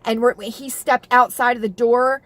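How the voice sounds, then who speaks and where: A woman's voice: fairly high pitch, steady tone, normal speed, no room sound. A middle-aged woman vlogging in a casual, rambling chat, full of fillers and restarts and gushing with emotion. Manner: gushing and emotional about TV shows.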